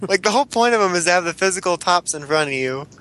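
A man's voice: sits high, expressive, fast talker, pushed and bright. A young man co-hosting a casual chat, rambling, swearing now and then, laughing often.

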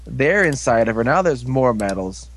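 A man casually recapping a TV episode, rambling with lots of "like"s and quick asides. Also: medium pitch, sing-song, fairly bright tone. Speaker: show recapper.

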